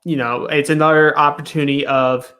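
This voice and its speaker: A man's voice: fairly high pitch, little pitch movement, a little fast, pushed and bright. A man co-hosting a reality show recap in a casual chat, retelling scenes and briefly acting out the cast's lines.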